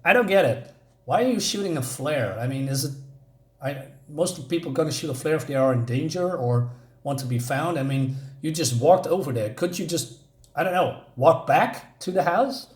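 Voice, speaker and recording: A man talks through a comic issue in a loose, rambling review, thinking aloud as he goes. His voice sits a little high for a man, and his delivery stays conversational and unscripted. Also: animated, moderate pace, a little mellow, reverberant. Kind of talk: casual spoken review.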